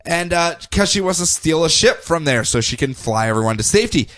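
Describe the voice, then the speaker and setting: A man co-hosting a podcast, recapping comic books in a casual, animated way. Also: a little high, fairly quick, no room sound. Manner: animated, acts out character quotes in funny voices. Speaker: podcast co-host.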